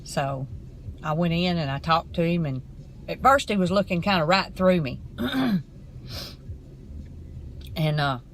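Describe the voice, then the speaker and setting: A middle-aged woman, talking casually to camera from her car in an earnest, rambling, halting way. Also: fairly low pitch, lively intonation, a little hiss or hum, poor audio. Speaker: vlogger.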